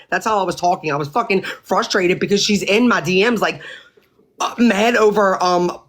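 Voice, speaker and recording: A woman's voice: fairly low pitch, brisk. Woman ranting angrily on a livestream. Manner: angry, profane, exasperated venting. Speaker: livestream host. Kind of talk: heated livestream rant.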